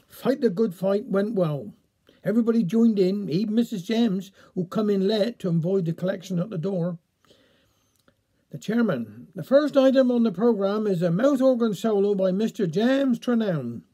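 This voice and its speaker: A Cornish man reads an old village tale in broad dialect, slipping into the voices of the chapel folk. His voice sits high but sounds mellow and soft-edged. He tells it in a folksy, good-humoured way. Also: expressive, normal speed. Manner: folksy, playful voicing of village characters. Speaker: storyteller. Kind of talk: dialect story reading.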